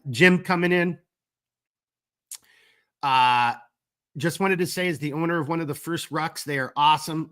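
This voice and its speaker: Battling a cold, the owner of a gear company runs a live stream and works through viewer comments casually, rambling with lots of fillers and some swearing. His voice is slightly high, pushed and bright.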